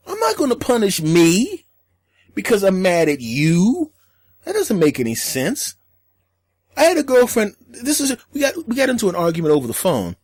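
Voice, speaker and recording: Solo podcast host, male, animated storyteller with a deadpan streak, dry close sound. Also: high voice, moderate pace, husky, no echo. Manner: storytelling, acts out voices in quotes, deadpan jokes. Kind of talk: solo comedic podcast monologue.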